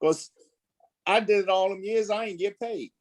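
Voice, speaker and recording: A man, a coach, speaking in a halting way and repeating words while he makes his point. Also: high-pitched. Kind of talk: casual discussion.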